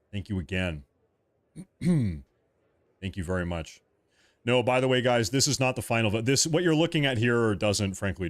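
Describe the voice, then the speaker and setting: A man's voice: lowish voice, dry recording. A man hosting a live stream of political commentary. He reacts to viewer chat in an emphatic, repetitive way, joking about being a little irritable.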